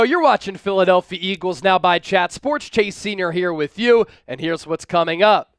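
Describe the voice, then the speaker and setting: A man hosting a live-stream sports talk show from a studio, energetic and hyping up his viewers. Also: sits high, normal speed, clean tone, dry recording. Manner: energetic, hypes up viewers with shout-outs.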